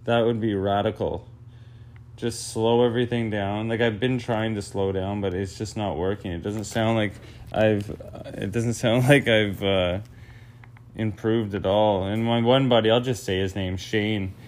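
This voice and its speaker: A man's voice: on the low side, fairly even intonation, unhurried. A young man hosting his own podcast, rambling casually, interrupting himself and swearing freely. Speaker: podcast host. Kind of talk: rambling solo podcast monologue.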